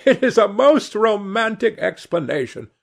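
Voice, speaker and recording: A teasing, gossipy old society hostess, put on by a man reading a novel aloud. Her voice sits far higher than his own and swings widely with exclamations. A gravelly grain runs under it. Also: big pitch swings, measured pace, full character voice.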